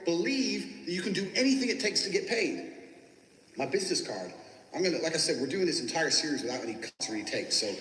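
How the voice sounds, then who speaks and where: A man's voice: fairly high pitch, big pitch swings, fast, a bit bright. A man giving a brash, boastful, profanity-laced motivational talk about sales and getting rich. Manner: brash, boastful, swears constantly. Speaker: business coach teaching sales. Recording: echoey room with long reverb.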